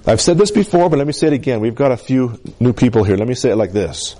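Animated and quick, a man with an accent from Colorado's San Luis Valley preaches as pastor. He keeps asking the congregation "Amen?" while alternating emphatic highs with soft asides.

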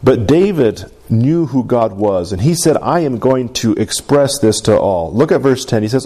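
A man's voice: mid-range voice, animated, normal speed, hardly any pauses, dark tone. A man preaching a sermon in an earnest storytelling way, calling out to the congregation. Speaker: pastor.

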